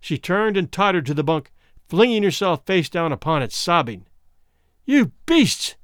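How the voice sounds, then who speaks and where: A man narrates a classic short story in a measured, expressive way. His voice sits slightly high and rises and falls a great deal. The recording is close and dry. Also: no room sound. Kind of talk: scripted audiobook narration.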